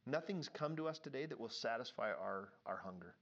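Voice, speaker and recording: A man's voice: mid-range voice, expressive, brisk, highs cut off. Man reading scripture in a casual chat. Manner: reads verses and adds short remarks. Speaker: podcast co-host.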